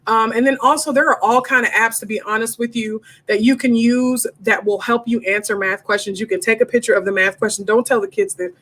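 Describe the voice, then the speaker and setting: Speaking briskly with hardly any pauses, a woman with a steady, fairly bright, somewhat high voice hosts a live homeschooling Q&A. She's at her desk at home, frank and casual, calling viewers y'all.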